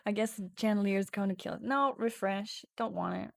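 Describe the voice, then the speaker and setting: A woman's voice: mid-range voice, gravelly, no room sound, clean studio sound. A woman streaming a text adventure game, reading the story aloud with casual swearing and sudden drops into whispers.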